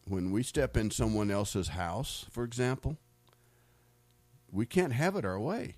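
A middle-aged American man with a low, deep voice tells personal faith stories in a loose, rambling way. He restarts and repeats words and laughs now and then. The sound is dry and close. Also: expressive, a little slow, a little mellow, no room sound. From United States. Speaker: speaker sharing faith stories. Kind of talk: casual storytelling testimony.

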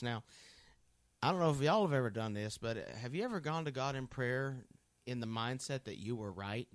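A man's voice: medium pitch, animated, brisk, no echo. A man giving a conversational Bible teaching, earnest and folksy, thinking aloud as he goes.

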